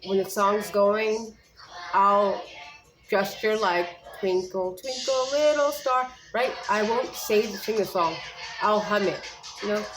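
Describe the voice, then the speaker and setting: A woman's voice: medium pitch, fairly even intonation, takes it slowly, a bit bright, soft background music, poor audio. Rambling young mother giving speech tips. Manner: rambling, many fillers and restarts. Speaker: parent sharing speech tips. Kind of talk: casual advice vlog.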